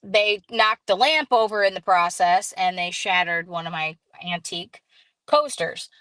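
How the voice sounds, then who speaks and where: A woman hosting a casual live stream, telling a story in an animated way, acting out quoted dialogue and greeting viewers as she goes. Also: on the low side, moderate pace, dry recording, low-quality recording.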